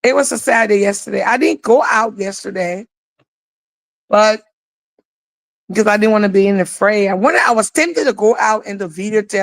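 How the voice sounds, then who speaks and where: A woman's voice: mid-range voice, moderate pace, creaky, dry recording, rough recording. A woman co-hosting a live online talk show, telling a story in an emotional, rambling way. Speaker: co-host.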